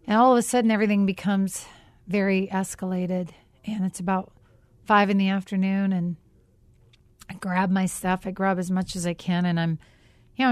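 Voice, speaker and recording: A woman hosting a faith podcast, telling a personal story in an earnest, reflective way with pauses. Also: medium pitch, a little mellow, no room sound. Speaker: podcast host.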